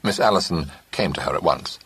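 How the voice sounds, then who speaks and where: A man narrating a classic mystery novel as an audiobook, in measured scripted storytelling. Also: rumbling low, a bit bright, slightly rough, dry recording.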